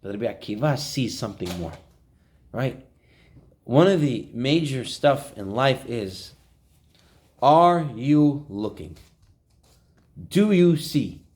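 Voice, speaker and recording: A man's voice: mid-range voice, slow pace, pauses often. A man teaching an informal Torah class, telling stories and acting out the quotes. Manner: animated storyteller, acts out quotes. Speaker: rabbi.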